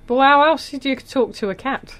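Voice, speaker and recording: A woman's voice: high voice, moderate pace, over a noisy crowd. A woman co-hosting a comedy podcast, teasing the others and laughing a lot. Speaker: podcast co-host. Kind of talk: casual banter.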